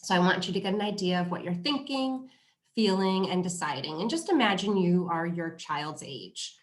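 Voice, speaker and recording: A woman hosting a parenting workshop, talking in a lively way and acting out what parents and children say. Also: lowish voice, moderate pace, reverberant.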